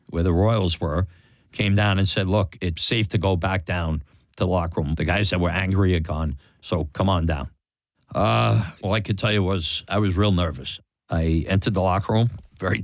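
A man's voice: low-pitched, no room sound, studio quality. A man candidly retelling a memory from his youth, acting out quotes and laughing as he goes. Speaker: storyteller recalling his own experience. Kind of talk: personal storytelling. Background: music.

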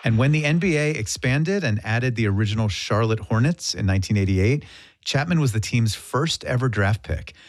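Measured male documentary narrator. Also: medium pitch, lively intonation. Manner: measured, deliberate delivery.

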